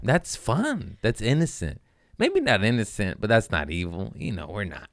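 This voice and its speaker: A man's voice: on the low side, huge pitch swings, moderate pace. A man hosting a comedy podcast, telling profane stories in a rambling, joking way and slipping into silly voices. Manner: profane, jokey, bursts into silly put-on voices. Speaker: comedian host.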